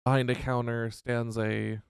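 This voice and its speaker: A man's voice: mid-range voice, little pitch movement, measured pace, vocal fry, clear, resonant tone, no echo, studio quality. A man narrating a tabletop role-playing game as game master, describing scenes in a hesitant, descriptive way with frequent restarts.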